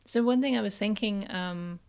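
A woman's voice: medium pitch, normal speed, gravelly. A woman co-hosting a podcast, chatting casually and enthusiastically. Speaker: podcast co-host. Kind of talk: casual discussion.

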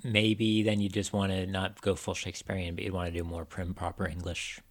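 A man co-hosting a casual chat, his voice sitting very low with a gravelly edge. He talks in a relaxed, opinionated way, with dry asides. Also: a little fast. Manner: chatty, wry and opinionated. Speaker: podcast co-host. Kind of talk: casual discussion.

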